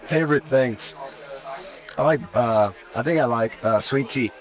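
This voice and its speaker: A man's voice: mid-range voice, a little slow. A male guest musician giving short, jokey, laid-back answers in a casual interview at a restaurant.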